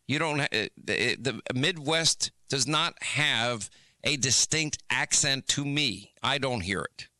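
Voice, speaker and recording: Man, radio talk host, very bright voice, dry close studio sound. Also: medium pitch, dry recording. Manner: quick, stammering restarts. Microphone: studio microphone.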